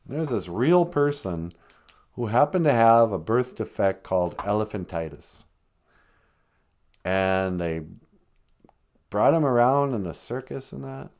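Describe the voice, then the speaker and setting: Animated rambling male comic host. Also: measured pace, long pauses. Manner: rambling, jokey, lots of pitch swings. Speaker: comedian host. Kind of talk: comic live-stream storytelling.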